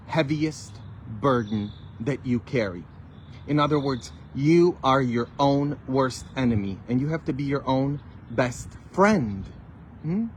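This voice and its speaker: A man, a Catholic priest, preaching a sermon with emphatic rhetorical questions and sudden loud bursts. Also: medium pitch, a little hiss or hum.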